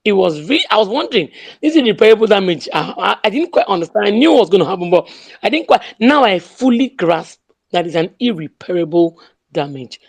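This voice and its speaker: A woman with a Nigerian accent speaks with fierce conviction, hammering home the same slogans again and again. Her voice sits at a middle pitch, and she slips into pidgin phrases as she rallies her listeners. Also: very animated, a little fast, breathy edge. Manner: emphatic, repeats slogans, mixes in pidgin. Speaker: speaker in an online audio room. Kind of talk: impassioned political speech.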